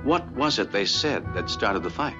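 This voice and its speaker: A stern starship captain, asking clipped questions in a lowish, lively voice. Dull lo-fi TV sound with music underneath. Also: male voice, moderate pace.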